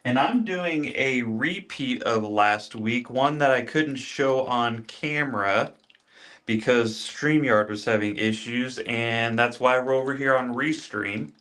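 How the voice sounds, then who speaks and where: Speaking slowly in a mid-range, somewhat bright voice, this man hosts a relaxed livestream. He walks viewers through his beard care routine, says hello to people by name, and says the same phrases again and again.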